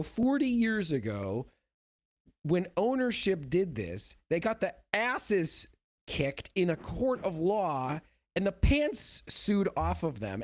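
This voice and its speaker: A middle-aged man co-hosting a podcast, ranting in a mocking, profane way. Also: sits high. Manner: animated, profane, mocking voices. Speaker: podcast co-host. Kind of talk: ranting casual chat.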